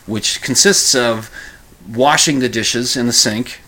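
A podcast host retells a story slowly in a sharp-toned voice, rambling casually, correcting himself and chuckling as he goes. When quoting others, he acts out their lines in a higher voice.

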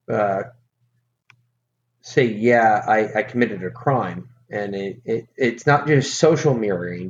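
A man's voice: fairly low pitch, darkish tone. A middle-aged man from the United States co-hosting a podcast, chatting casually in a rambling, profane, emphatic way. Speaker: podcast co-host. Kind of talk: casual chat. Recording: dull lo-fi audio with faint hiss.

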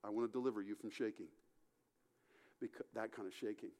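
A middle-aged man preaching as a pastor, telling a story with acted-out dialogue and moving from loud passages to hushed ones. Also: fairly low pitch, steady tone, brisk. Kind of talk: sermon.

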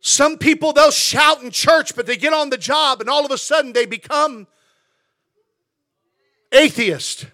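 A man preaching a sermon as pastor in a church sanctuary, swinging from shouted declarations to hushed asides. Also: very high voice, unhurried, pauses often.

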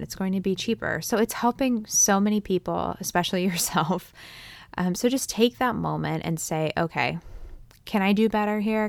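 Female podcast host, deep gravelly chat voice, dry close sound. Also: dry recording. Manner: chatty, many ums, warm wrap-up. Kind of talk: solo podcast talk.

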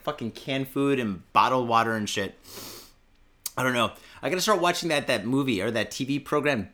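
A podcast host telling a casual story, excitable and profane, with lots of filler words. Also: male voice, medium pitch. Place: podcast studio.

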